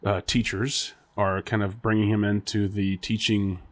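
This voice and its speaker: A man's voice: on the low side, level tone, normal speed. A man co-hosting a casual podcast chat, rambling and speculating with frequent laughs and restarts. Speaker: podcast co-host.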